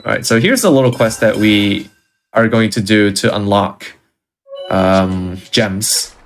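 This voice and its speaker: A man's voice: lowish voice, measured pace, soft background music. A man explaining his speedrun route in an easygoing, casual way as he plays. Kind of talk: casual gameplay commentary.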